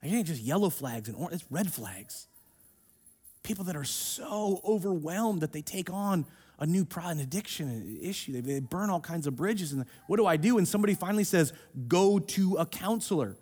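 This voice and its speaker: A man preaching a sermon in a church, emphatic and swinging between hushed and loud. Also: fairly high pitch, lively intonation, brisk, breathy edge. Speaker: pastor. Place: church sanctuary, streamed online.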